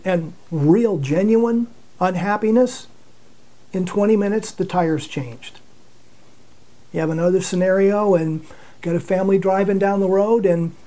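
A man delivers a Bible teaching as a relaxed, conversational sermon. His tone is warm and mellow. He tells everyday stories, chuckles often, and doubles words as he restarts his thoughts. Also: high-pitched. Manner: conversational storytelling with frequent chuckles; repeats words when restarting phrases.

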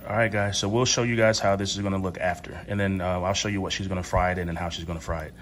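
A man's voice: low-pitched, little pitch movement, quick pace, a bit bright, a little hiss or hum. A man hosting a casual cooking vlog in his home kitchen, joking and talking straight to viewers. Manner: jokey, laid-back, talks straight to viewers. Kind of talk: casual cooking demo chat.

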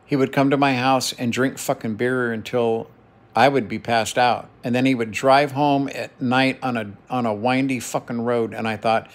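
Profane, heated middle-aged man venting. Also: medium pitch. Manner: heated, profane, repeats phrases for emphasis. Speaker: vlogger. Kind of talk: emotional personal monologue.

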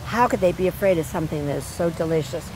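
A woman's voice: fairly low pitch, fast, noisy background. A woman answering as an interview guest, casual and frankly emphatic.

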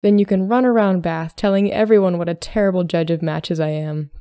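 A woman reading as a plain-spoken young gentleman suitor who talks in a calm, matter-of-fact way. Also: sits high, normal speed, creaky, dry recording, studio quality. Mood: steady.

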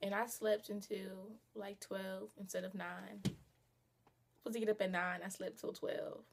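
A woman's voice: medium pitch, little pitch movement, measured pace, gravelly, a little hiss or hum. A young woman chatting casually to her camera in a vlog, playful, slangy and teasing herself. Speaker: vlogger.

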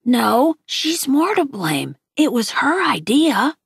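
A woman voicing a shy, hurting young boy in a book read aloud, speaking softly and almost whispering. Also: sits high, very animated, takes it slowly, gravelly, breathy edge, no room sound, studio quality, pitched above the performer's own voice, full character voice. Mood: insistent. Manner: soft, tearful, whispery. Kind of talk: reading a novel aloud.

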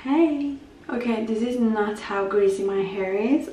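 A young woman chats slowly and a little high while getting ready for a night out, gushing and teasing herself, sometimes dropping to a whisper. She has a cold. Her voice sounds roomy and set back from the camera. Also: darkish tone, far from the mic, a little hiss or hum. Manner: chatty, gushing, self-mocking, breaks into whispers. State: sick with a cold. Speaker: vlogger. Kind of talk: casual vlog chat.

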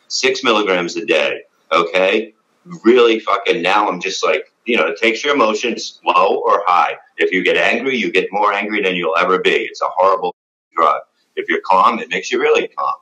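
A man's voice: low voice, sharp tone, low-quality recording. A middle-aged man telling a rambling, profane story in casual conversation, with lots of fillers. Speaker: former radio show regular, guest.

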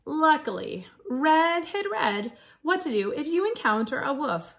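A woman reading a picture book aloud to children in a slow, animated storytelling voice. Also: high voice. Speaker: storybook reader.

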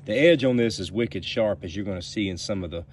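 Hailing from the Southern United States, this man talks through a knife review for his vlog in a relaxed, folksy way, addressing his audience directly. He speaks a little fast in a fairly low voice, with a little hiss or hum present.

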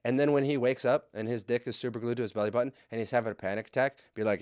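A man's voice: mid-range voice, steady tone, rapid-fire, hardly any pauses, a little mellow, clear, resonant tone, no echo, studio quality. A young man co-hosting a casual podcast, reading out listener letters and ranting about them in a heated, sarcastic, heavily profane way. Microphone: studio podcast mic.

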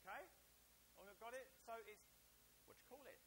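A man's voice: very high voice, moderate pace, slight background noise, low-quality recording. A man from Essex with an Essex accent, preaching a playful sermon and jokingly quizzing his congregation. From Essex, England. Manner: jokey, animated, teasing the congregation. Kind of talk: playful sermon with audience quiz.

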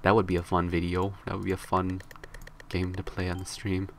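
A man's voice: monotone, a little fast, slight background noise. A young man streaming a video game live, joking with chat and shrieking in mock fear when cornered. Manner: playful, jokey, squeals high when scared in the game.

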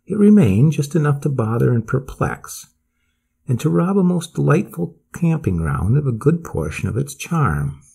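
A man narrating a classic story as an audiobook, measured and expressive, with a husky voice. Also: mid-range voice.

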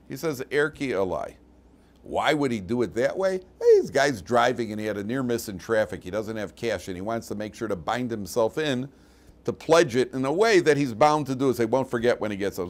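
An older man, a rabbi, giving an informal Torah class, digressive and full of asides, with a dry, mocking humor. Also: mid-range voice. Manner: animated, digressive, with restarts and asides.

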